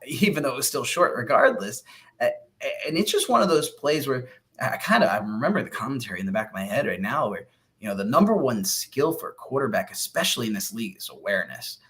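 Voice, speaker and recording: A man's voice: mid-range voice, fairly bright tone. A young man co-hosting a sports podcast, explaining plays in casual talk with stammered starts. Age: young adult. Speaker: podcast co-host.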